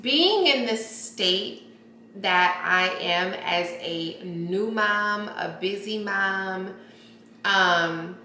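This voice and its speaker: A woman vlogger talks straight to her camera in an excited, gushing unboxing chat, tossing out exclamations and calling her viewers y'all. She speaks at an unhurried pace. The sound bounces around a roomy space, with a faint hiss underneath. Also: mid-range voice. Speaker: lifestyle vlogger. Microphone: camera mic. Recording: roomy echo with faint noise.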